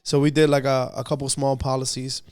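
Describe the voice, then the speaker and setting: A man hosting a podcast, telling stories in casual chat and getting animated as he goes. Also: mid-range voice, fairly quick, clear, resonant tone, dry recording, studio quality. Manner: animated storytelling, gets excited. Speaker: podcast host.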